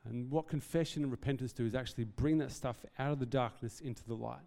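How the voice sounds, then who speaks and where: A man's voice: mid-range voice, fast talker, creaky, darkish tone. A man preaching a sermon as pastor, earnest and conversational, with self-deprecating asides. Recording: reverberant hall.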